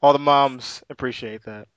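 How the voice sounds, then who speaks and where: A man's voice: mid-range voice, a bit bright, no echo, dull audio. A man hosting a sports podcast, upbeat, laughing along and chiming in with short remarks. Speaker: podcast host. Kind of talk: casual sports podcast chat.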